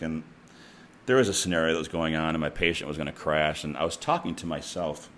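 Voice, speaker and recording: A man's voice: very deep voice, a bit bright, slight background noise. A man who works as a nurse, telling a story in a casual, blunt and profane way.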